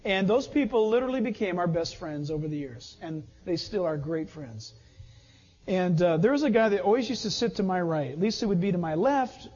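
A high, lively male voice preaching a sermon, swinging his pitch widely as he tells stories and laughs along. The sound is dull and carries a long echo, as in a big church hall. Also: moderate pace. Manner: animated storytelling, often laughing. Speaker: pastor.

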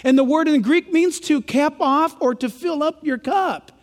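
A male pastor preaching a lively sermon, joking and acting out quotes for his congregation. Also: very high-pitched, a little slow, in a large hall. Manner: animated, joking, acts out quotes. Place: large church.

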